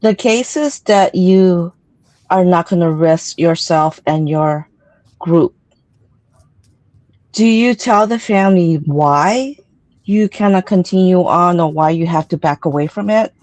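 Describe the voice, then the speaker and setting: Woman host with low, dry voice. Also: slow pace, darkish tone, no echo. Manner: hesitant, searching questions. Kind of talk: casual interview talk.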